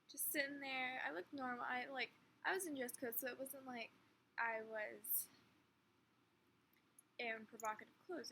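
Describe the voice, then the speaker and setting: A young woman in her late teens telling a story in a rambling, animated way, full of filler words. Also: a little high, low-quality recording. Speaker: vlogger. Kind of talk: casual storytime chat. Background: faint fan hum.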